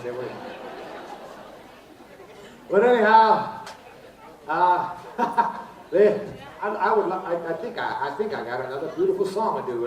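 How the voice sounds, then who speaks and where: A man impersonating a famous crooner on a casino stage, telling jokes between songs in a lazy, easygoing crooner patter. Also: on the high side. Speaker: tribute performer doing a famous crooner. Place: casino showroom stage with live audience. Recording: roomy live showroom, distant, audience and noise.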